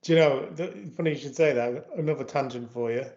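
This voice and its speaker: A man's voice: medium pitch, fast, darkish tone. A man from England co-hosting a casual chat, telling anecdotes in a chatty storytelling way. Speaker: co-host. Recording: dull lo-fi sound.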